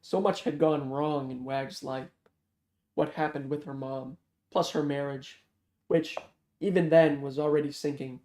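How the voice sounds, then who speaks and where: A man narrating a novel aloud in a steady, measured way. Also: a little high. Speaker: audiobook reader. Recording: roomy echo.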